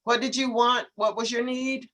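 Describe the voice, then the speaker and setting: A woman teaching an online English class, patiently correcting students and modelling words slowly over a video call. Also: fairly high pitch, steady tone, a bit bright, slight background noise.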